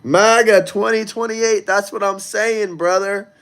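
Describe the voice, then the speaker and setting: A man's voice: high-pitched, steady tone, unhurried, gravelly, a bit bright. A man hosting a casual livestream, talking loosely and crudely straight to his viewers as he reads the chat. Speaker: livestream host reading chat.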